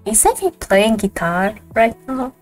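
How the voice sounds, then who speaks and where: A woman hosting a casual livestream, gushing with thanks and laughing easily. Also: fairly high pitch. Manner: gushing, excitable, quick to laugh. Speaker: streamer host. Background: faint lo-fi background music.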